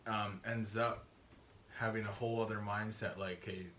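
Young canadian dude co-hosting, low voice, lots of likes and ums, bit of background noise. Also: male voice, normal speed. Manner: excited, rambling, many fillers. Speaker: podcast co-host. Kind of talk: casual chat.

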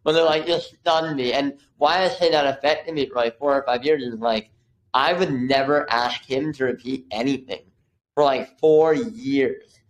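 A man's voice: mid-range voice, steady tone, moderate pace, rough recording. A man in his thirties, a podcast guest and videographer, telling a story casually and acting out the quotes, with many "like" fillers.

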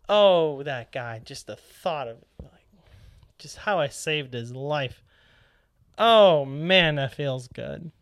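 A young man telling a casual, animated story as a powerlifting vlogger, acting out his own past lines with sudden excited jumps in voice. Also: takes it slowly, no echo, clean studio sound. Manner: animated, quotes himself in excited high voice.

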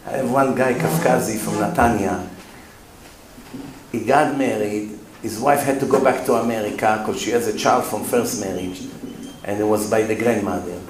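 A man, a rabbi, telling a story as a sermon, emphatic, with non-native English phrasing. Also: on the low side. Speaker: rabbi and lecturer. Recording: roomy hall with faint room noise.

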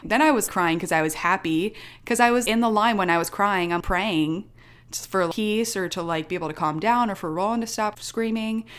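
A young woman telling a personal story in casual chat, animated and laughing often as she talks. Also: medium pitch, moderate pace, clear, resonant tone.

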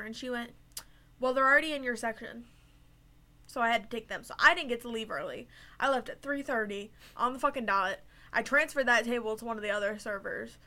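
A woman's voice: a little high, sharp tone. A young woman who works as a server, telling a story in a profane, emphatic way during a casual chat. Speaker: restaurant server.

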